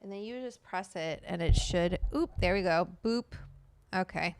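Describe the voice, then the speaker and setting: A woman's voice: on the low side, moderate pace, smooth, no echo, studio quality. A woman hosting a livestream, chatting casually, greeting viewers by name and swearing freely. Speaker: livestream host.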